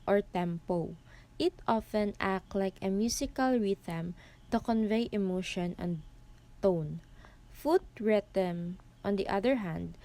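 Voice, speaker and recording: A young woman giving a classroom report, slowly and carefully explaining poetry terms as she reads definitions aloud. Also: mid-range voice, dark tone. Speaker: student presenter.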